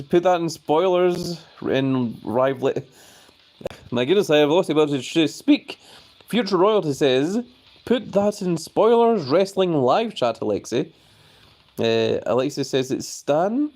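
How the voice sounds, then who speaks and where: A man's voice: mid-range voice, darkish tone. Speelse man die chatberichten voorleest. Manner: reads viewer comments aloud and reacts with playful bafflement; jokingly formal, refers to himself in the third person. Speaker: live streamer reading chat. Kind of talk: casual live-stream chat.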